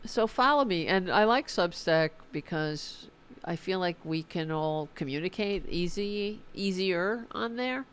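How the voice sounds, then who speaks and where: Low-voiced, slow-talking woman livestream host. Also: lively intonation, clean tone. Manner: informal and profane, fired-up about politics. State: tired. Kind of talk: casual livestream sign-off, reading chat.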